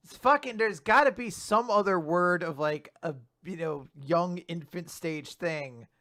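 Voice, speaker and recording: A man's voice: sits high, unhurried, pushed and bright. A man co-hosting a casual manga podcast, riffing and swearing freely while mock-quoting characters. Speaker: podcast co-host. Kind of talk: casual manga recap chat.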